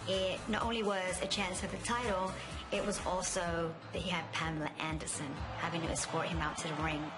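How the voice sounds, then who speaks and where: A woman's voice: lowish voice, level tone, fairly quick, reverberant, over loud music. A woman narrating a documentary in a casual, explaining way.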